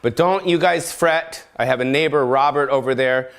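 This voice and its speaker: In his casual home podcast, a comedian host lets loose with an unplanned, profane, joking ramble. His voice is mid-range and slightly bright, and he speaks at a normal speed.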